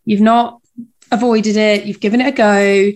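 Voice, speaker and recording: A woman's voice: medium pitch, steady tone, moderate pace, a little mellow. A woman co-hosting a coaching podcast, talking in an earnest, encouraging way and repeating phrases for emphasis. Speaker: podcast co-host. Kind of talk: casual coaching chat.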